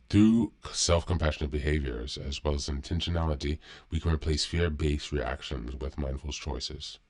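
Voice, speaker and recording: A man hosting a daily recovery podcast, reading a meditation aloud and reflecting on it at a calm, measured pace. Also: extremely low pitch. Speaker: podcast host.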